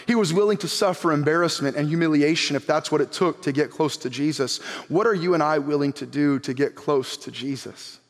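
A man preaching an animated sermon as pastor, reading scripture aloud and acting out the people in it. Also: on the high side, a little fast, few pauses. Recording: long hall reverb.

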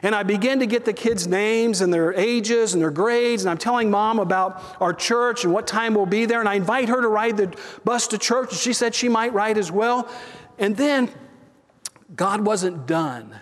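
A man preaching a story-driven sermon, talking conversationally and turning to the congregation with quick asides. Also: high-pitched. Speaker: pastor. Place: church sanctuary. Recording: long hall reverb.

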